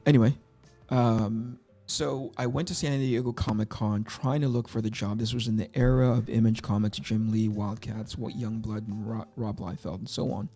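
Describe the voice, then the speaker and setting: Brief: middle-aged male stream host, mellow gravelly voice, rambling self-deprecating storyteller. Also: fairly low pitch, steady tone, moderate pace, faint music behind. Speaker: livestream host. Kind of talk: casual livestream chat while drawing.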